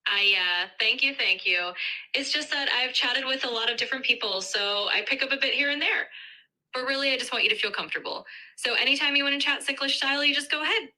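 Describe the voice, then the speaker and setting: A woman's voice: high voice, quick pace, bright, forceful tone, low-quality recording. A synthetic woman's voice with an American accent, acting as an AI assistant, upbeat and reassuring.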